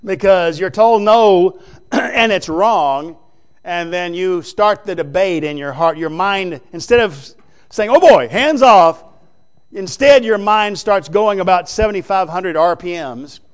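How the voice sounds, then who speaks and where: Preacher guy, high voice, folksy and emphatic, goes loud then real quiet. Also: measured pace, clean tone. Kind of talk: sermon.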